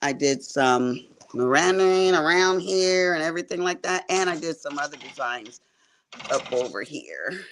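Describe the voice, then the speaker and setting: A woman chatting on a sewing and embroidery livestream from her quilting area, animated, calling viewers honey and y'all. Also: sits low, a little slow, slight background noise. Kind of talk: casual livestream chat.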